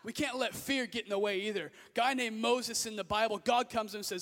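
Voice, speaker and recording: A young man preaching an energetic youth sermon, often shouting his exhortations, with personal stories and playful asides. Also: sits high, a little fast, hardly any pauses. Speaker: youth pastor. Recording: echoey hall.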